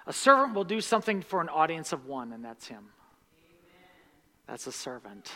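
High, bright-voiced male pastor preaching. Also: expressive, moderate pace. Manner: emphatic, repeats key lines for stress. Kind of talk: sermon. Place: church sanctuary. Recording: long reverb of a large hall.

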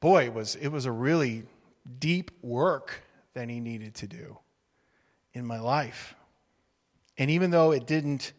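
A male pastor preaching a sermon in a relaxed, humorous, conversational way, acting out little quotes. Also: mid-range voice. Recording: reverberant hall.

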